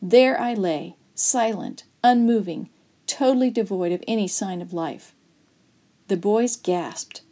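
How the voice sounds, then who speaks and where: A woman reading a story aloud to children as a storyteller, in a gentle, expressive manner. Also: mid-range voice, slow pace.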